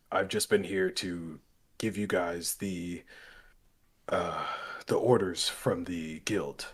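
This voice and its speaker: A man's voice: low voice, a bit bright, slightly rough, voice pushed down, exaggerated voice. A man voicing a nervous young male guild messenger who stammers and apologizes. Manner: stammering, halting.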